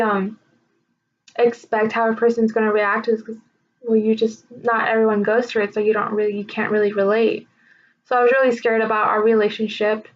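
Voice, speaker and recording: A young woman giving a recorded tribute speech about her sister, emotional and halting as she holds back tears. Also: on the high side. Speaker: speaker honoring her sister. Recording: slightly dull lo-fi recording.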